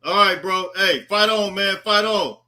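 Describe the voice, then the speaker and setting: Bright high-voiced podcast host. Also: male voice, measured pace, rough recording. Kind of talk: casual podcast chat.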